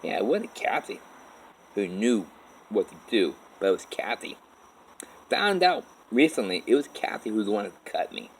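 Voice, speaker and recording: Low-voiced man telling a rambling story. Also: sing-song, husky, low-quality recording. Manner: halting, with restarts and repeated "all of a sudden". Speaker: vlogger telling his life story. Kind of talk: rambling first-person storytelling.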